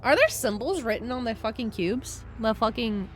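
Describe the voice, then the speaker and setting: A young woman streamer reacting to a video in casual commentary, excitable, swearing and exclaiming loudly. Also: a little high, moderate pace, soft background music.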